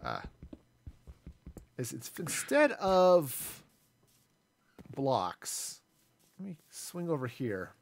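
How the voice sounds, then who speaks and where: Lively, slow-talking man streaming a game. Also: medium pitch, vocal fry. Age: 40s. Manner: chatty, rambling, self-deprecating. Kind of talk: casual live gameplay commentary.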